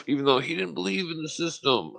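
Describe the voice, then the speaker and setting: A man hosting a podcast, ranting in a casual, profanity-laced monologue and often clearing his throat. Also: fairly high pitch, normal speed, fairly bright tone. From United States. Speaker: podcast host. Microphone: podcast microphone.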